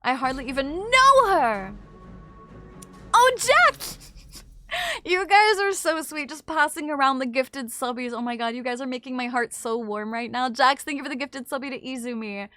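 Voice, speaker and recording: A woman streamer chatting casually with her chat, apologetic and bubbly, quick to gasp and laugh. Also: high voice, steady tone, fairly bright tone, soft background music.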